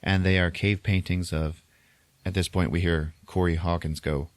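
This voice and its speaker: A man retells a movie to his co-hosts in a loose, chatty way, laughing often and acting out quotes from it. His voice is very low and deep. The recording is dry and close, with no room sound. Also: little pitch movement, moderate pace, no room sound. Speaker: podcast host. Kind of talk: casual movie recap.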